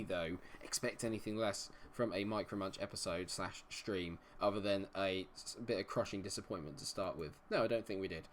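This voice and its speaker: A young man from Dorset with a Dorset English accent, commentating a live football game stream in a chatty, self-deprecating way, humming and muttering to himself between plays. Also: fairly low pitch. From England, Dorset. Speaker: gaming streamer.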